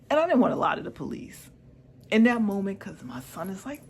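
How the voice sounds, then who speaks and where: A woman's voice: mid-range voice, big pitch swings, moderate pace, gravelly, darkish tone, a little hiss or hum. A middle-aged woman telling a painful personal story in a vlog, emotional and repetitive, sometimes dropping to a near whisper. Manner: emotional, repeats herself, drops into a near whisper. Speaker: vlogger.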